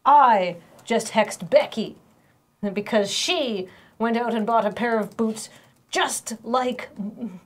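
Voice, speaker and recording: A woman voicing a petty modern young witch, reading a hex slowly and theatrically. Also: on the high side. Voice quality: slow, drawn-out, theatrical delivery. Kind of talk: reading a sketch line in a witchy voice.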